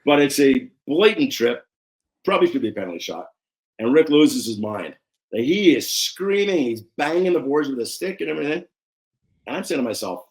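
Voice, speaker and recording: A man, a former referee, talking casually as a guest in an interview and telling animated stories. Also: normal speed. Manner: animated storyteller, acts out quotes with raised pitch.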